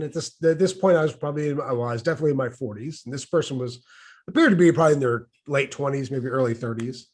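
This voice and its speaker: Lively middle-aged man telling a story. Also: a little high. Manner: animated, wry, exasperated. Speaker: vlogger telling a personal story. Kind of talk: casual storytelling.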